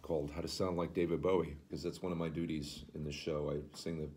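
A baritone man teaching singers how to imitate a rock vocalist, talking in a casual, throaty way that swallows his words. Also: level tone, fast, warm tone, breathy edge.

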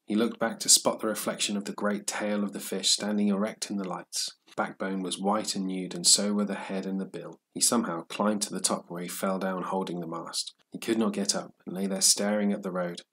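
A man reading a story aloud in a steady, measured narration for English learners. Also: deep voice, breathy edge.

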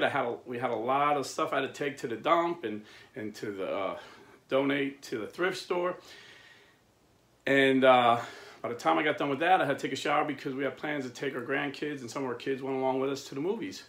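A man in his fifties with plain-spoken, blue-collar phrasing, giving a casual preaching monologue as the host of a Catholic men's video. He tells stories in an animated way and chuckles while he talks. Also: mid-range voice, fairly quick.

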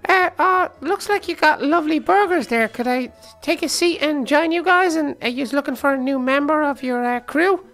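A man's voice: extremely high pitch, normal speed, hardly any pauses, bright, forceful tone, faint music behind, pitched above the performer's own voice, heavily acted. A man voicing a boy who has been turned into a cat and is pretending to be a friendly stray, meowing and hesitating between words. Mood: sneaky friendly. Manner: meows and hesitant fillers.

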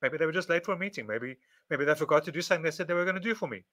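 A man's voice: a little high, lively intonation, very fast, a bit bright. A man giving a casual monologue to camera, speaking in repetitive, list-like phrases. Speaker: video presenter.

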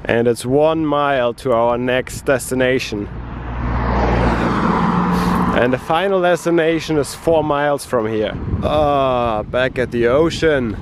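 A man talking in a monotone, feeling unwell, narrating a casual travel vlog outdoors on a coastal trail. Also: medium pitch, slow pace. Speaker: travel vlogger. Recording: outdoor noise behind the voice.

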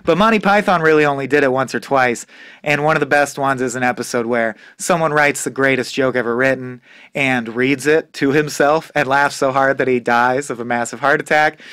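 A man's voice: mid-range voice, fairly quick, a bit bright, clear, resonant tone, no echo. A man co-hosting a comedy book podcast, chatting casually with dry, offhand asides. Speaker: podcast co-host.

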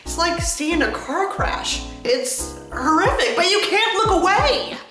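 Sarcastic woman with a lively high voice. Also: measured pace. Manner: sarcastic, exasperated, swears freely. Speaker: book reviewer and host. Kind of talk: sarcastic book commentary. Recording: roomy echo with music behind. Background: background music.

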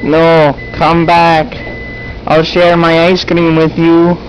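A man's voice: fairly high pitch, monotone, slow, a little hiss or hum, pitched above the performer's own voice, poor audio. A man putting on a lonely drawling Eskimo. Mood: wistful. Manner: clingy and secretive. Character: odd, lonely male Eskimo with a southern drawl.

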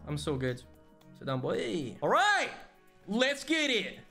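Excitable young man, lively high voice. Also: slow, vocal fry, soft background music. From Portugal. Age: 20s. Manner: excitable, exclaiming, slangy. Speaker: gaming creator. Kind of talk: excited gameplay commentary.

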